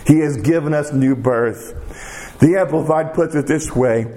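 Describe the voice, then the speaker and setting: A man preaching a sermon who repeats key phrases for emphasis and drops to a quiet hush when he prays. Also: a little high.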